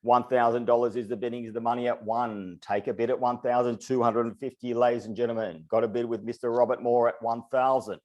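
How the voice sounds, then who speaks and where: A male auctioneer running a charity auction over a webinar, rattling through bids in a rhythmic, repeating patter. His voice sits at an ordinary middle pitch, and he sounds a little out of breath from the pace. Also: little pitch movement, fairly quick, few pauses, a little mellow, muffled recording. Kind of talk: rapid charity auction calling. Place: online webinar.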